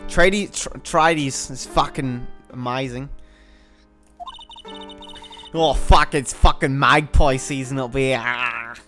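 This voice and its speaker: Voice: medium pitch, a bit bright. A streamer casually talking through a courtroom game, rambling, swearing often and laughing. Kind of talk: casual let's-play commentary.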